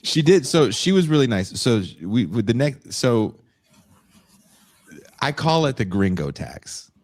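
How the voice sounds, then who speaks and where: At medium pitch with a darkish tone, the young podcast co-host is very animated yet keeps a measured pace. He tells casual stories laced with swearing, acting out each person's lines.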